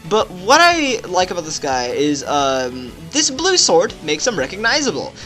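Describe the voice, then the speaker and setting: A young man casually analysing a game trailer, excitable and rambling, with lots of fillers. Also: sits high, measured pace. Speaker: gaming video host. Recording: faint background music.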